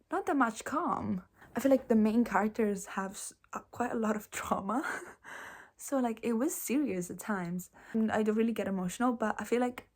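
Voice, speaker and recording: A woman's voice: medium pitch, darkish tone. A young woman in her twenties chatting casually about books she is reading, bubbly and full of "like" fillers. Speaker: book vlogger. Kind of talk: casual chat.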